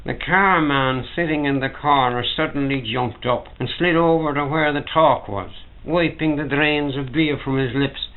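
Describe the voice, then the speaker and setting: Older dublin man reading his own story, measured, thin phone-like old tape. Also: medium pitch. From Ireland. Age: 70s. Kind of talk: literary reading. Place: private home. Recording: tinny 1950s home recording.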